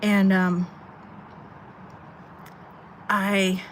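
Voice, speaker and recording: A woman's voice: medium pitch, little pitch movement, extremely slow, a little hiss or hum. A young woman telling a story to her live chat in a rambling, emotional way, swearing often, from a parked car at night. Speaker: livestreamer.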